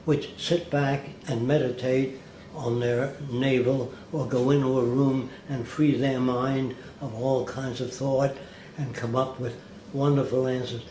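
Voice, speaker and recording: A plainspoken man tells anecdotes in an interview, wry and direct, slipping into the voices of the people he quotes. His voice sits at an ordinary middle pitch. The archive recording sounds roomy, with faint ambience underneath. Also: level tone, measured pace, dark tone, slight background noise.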